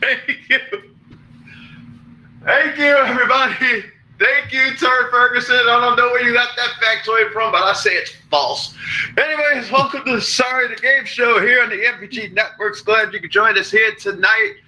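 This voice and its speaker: A man's voice: high-pitched, fairly even intonation, normal speed, bright, forceful tone, low-quality recording. A man hosting a game show in a playful, teasing way. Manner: joking, teasing contestants.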